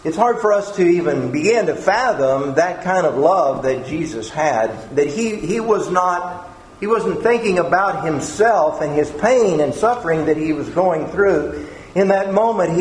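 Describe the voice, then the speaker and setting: A man's voice: on the high side, animated, measured pace. A man preaching a sermon in an earnest way, often repeating words as he searches for the phrasing. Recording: echoey room with faint background noise.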